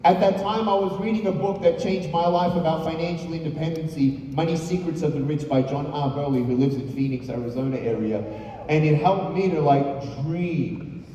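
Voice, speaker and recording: A man's voice: fairly high pitch, normal speed, slight background noise. A man giving a storytelling motivational speech to a live audience, full of rhetorical questions, recorded in an echoey hall from far off. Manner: animated, uses rhetorical questions. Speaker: motivational speaker. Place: large hall on stage.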